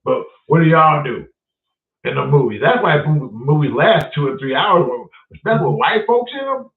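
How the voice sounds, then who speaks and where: A man's voice: fairly high pitch, animated, normal speed, creaky. A man hosting a casual live stream, telling stories with a lot of swearing and chatting to viewers by name. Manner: profane, storytelling, reads out chat names. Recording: roomy, distant, phone-like audio.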